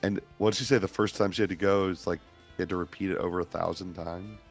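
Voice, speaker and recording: A man's voice: low-pitched, steady tone, fast talker, slightly rough, faint music behind. A man co-hosting a podcast, chatting casually and rambling as he loses his train of thought. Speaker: podcast co-host. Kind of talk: casual chat.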